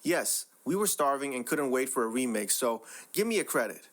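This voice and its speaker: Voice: medium pitch, big pitch swings, normal speed, voice pushed down, natural voice. A reader voicing a rude, foul-mouthed, demanding woman customer in a narrated story. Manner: curt, profane, demanding.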